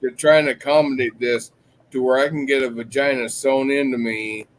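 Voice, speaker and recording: A man's voice: mid-range voice, fairly even intonation, moderate pace, slight background noise, poor audio. A man with a New York accent hosting a stream, chatting casually, stammering and swearing bluntly. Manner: rambling, stammering, blunt and profane. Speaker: stream host. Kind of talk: casual profane chat.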